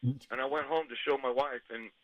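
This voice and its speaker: A man's voice: mid-range voice, steady tone, moderate pace, dry recording, highs cut off. A man calling in to a radio show, telling an embarrassing story in a rambling, sheepish way. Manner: sheepish, rambling, laughs at himself. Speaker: caller.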